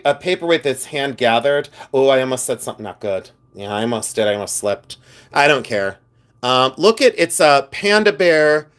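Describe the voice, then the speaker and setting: A man's voice: a little high, fairly bright tone. A man hosting a live stream, chatting casually, joking and reading viewer comments aloud. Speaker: live stream host reselling buttons.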